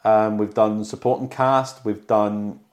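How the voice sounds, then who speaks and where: A man's voice: fairly low pitch, steady tone, measured pace. A man co-hosting a podcast from home, chatting playfully and breaking into comic impressions. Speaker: podcast co-host. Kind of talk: casual chat. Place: home with a dog nearby.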